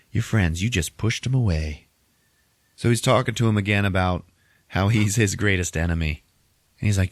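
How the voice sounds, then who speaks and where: A man's voice: sits low, moderate pace, pauses often, dry recording, studio quality. A man hosting a podcast, casually retelling a movie plot and laughing often as he quotes the characters. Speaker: podcast host.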